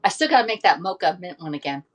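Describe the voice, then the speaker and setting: A woman with a fairly low voice, very animated and fast, hosts a casual livestream selling kitchen products. She's chatty and says y'all often, with many fillers and restarts.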